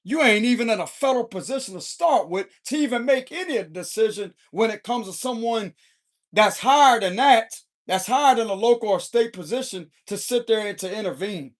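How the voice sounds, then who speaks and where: Man, tarot reader, unusually high-pitched, heated, confrontational, swears a lot. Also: lively intonation, fairly quick. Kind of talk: unscripted tarot reading.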